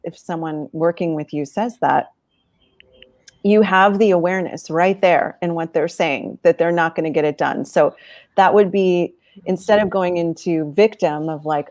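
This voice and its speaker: A woman guest chatting casually on a livestream, enthusiastic and quick to laugh. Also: a little mellow, dry recording. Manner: enthusiastic, bursts into high laughter. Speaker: guest facilitator.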